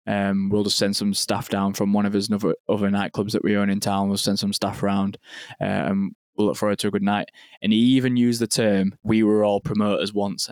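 A young man tells a story in quick, rambling podcast chat, full of "like" and swearing. His voice sits low and barely moves in pitch. The sound is dry and close. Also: dry recording. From England. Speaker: podcast guest, venue owner.

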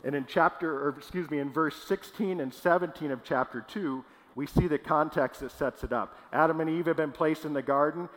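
Man, pastor, casual conversational sermon, slightly high voice, long hall echo. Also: a little fast, a bit bright. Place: church hall.

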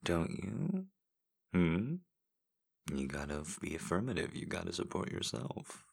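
A man in a whispered role-play, giving slow, coaxing encouragement with repeated phrases in a deep, husky whisper. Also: sing-song. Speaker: intimate audio performer.

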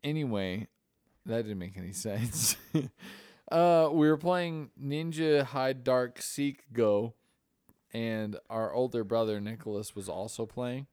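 A man's voice: mid-range voice, slow pace, a little mellow, clean tone, dry recording, clean studio sound. A young man co-hosting a podcast, telling rambling stories in casual chat with plenty of swearing. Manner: profane, rambling storytelling. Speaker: podcast co-host.

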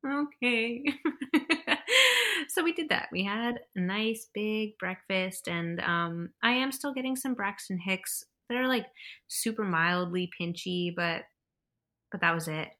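A young mother tells her birth story in a casual, chatty way. Her voice is bright and forward, and she laughs often. She slips into little impressions of the people she quotes. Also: medium pitch, a little slow. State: pregnant.

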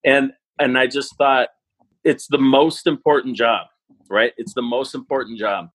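A man in his forties, a parenting educator, telling stories in an animated, self-deprecating way on an interview. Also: medium pitch, a little slow, slightly rough, poor audio. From Wisconsin, US. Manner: animated, self-deprecating, acts out quoted thoughts. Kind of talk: conversational interview storytelling.

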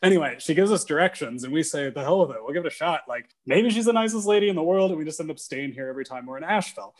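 A man's voice: a little high, rapid-fire. Chatty young man telling a story. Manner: animated storyteller, many "like" fillers. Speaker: guest musician. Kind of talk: casual storytelling interview.

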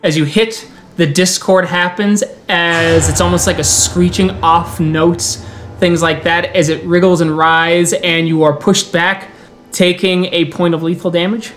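A man running a tabletop role-playing game as storyteller, mixing unhurried scene narration with quick rules calls. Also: fairly high pitch, level tone, fairly bright tone.

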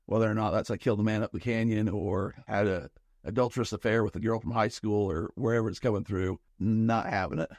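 A man's voice: lowish voice, fairly even intonation, quick pace, darkish tone, no room sound, studio quality. A man co-hosting a podcast in casual chat, rambling and thinking aloud with many restarts. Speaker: podcast co-host.

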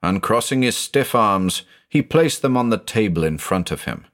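A man narrating a scripted audio mystery drama in a dramatic, expressive storytelling manner. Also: lowish voice, moderate pace.

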